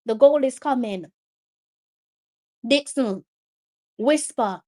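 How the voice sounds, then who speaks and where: A woman's voice: fairly high pitch, slow, dark tone. A woman with a Jamaican accent hosting a live watch-along of a football match. She gives emotional reaction commentary, pleads with the players and slips between Patois and English.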